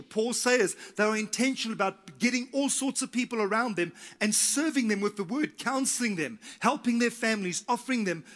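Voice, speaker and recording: A middle-aged man preaches from the pulpit, his voice high and bright. He tells a long story with energy, acting out what people said and repeating his points for emphasis. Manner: animated, acts out quotes, repeats key phrases. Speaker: pastor. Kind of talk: sermon with storytelling.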